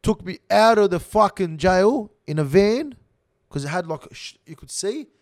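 A young Australian man telling a rough prison story in casual slang, swearing constantly. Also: high voice, moderate pace. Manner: swears heavily, animated slang-filled storytelling.

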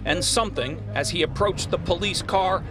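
A male news anchor reading a broadcast report with a dramatic, measured delivery. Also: sits high. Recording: news clip over a music bed.

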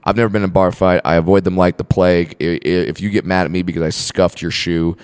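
A man's voice: deep voice, fast, clear, resonant tone. A man in his forties, a comedian guest, casually telling self-deprecating stories on a podcast and acting out quotes in bursts. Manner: self-deprecating storyteller, animated acted-out quotes.

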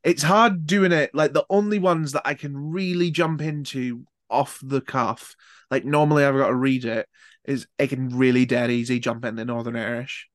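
A man's voice: mid-range voice, steady tone, normal speed, no room sound, clean studio sound. A man from Scotland hosting a podcast, chatting casually, laid-back and sweary. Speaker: podcast host. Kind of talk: casual interview chat.

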